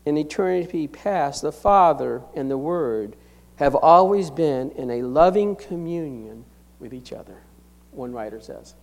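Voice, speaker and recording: Man, middle-aged pastor, high-pitched voice, emphatic sermon delivery, loud-to-soft swings. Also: expressive, measured pace. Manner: emphatic preaching with sharp swings from loud to hushed.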